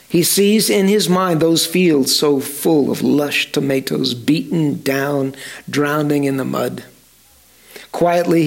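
Slow gravelly male storyteller. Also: fairly high pitch. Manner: slow, dramatic, speaks to listeners directly. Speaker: storyteller preacher. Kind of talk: storytelling sermon.

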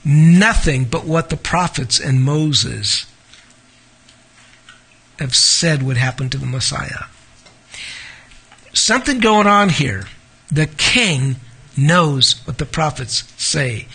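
A man's voice: on the high side, gravelly, bright, forceful tone, husky. A man preaching a verse-by-verse sermon. He reads scripture aloud, stops to explain it, and puts rhetorical questions to his listeners. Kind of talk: expository sermon.

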